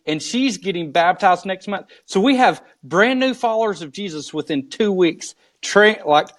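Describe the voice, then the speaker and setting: Male pastor guest, slow storyteller, slightly high voice. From United States. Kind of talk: live video interview.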